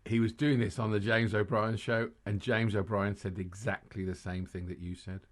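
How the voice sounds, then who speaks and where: A man co-hosts a casual podcast, rambling and laughing at his own jokes as he chats with a friend. His voice is fairly low with little pitch movement, at normal speed.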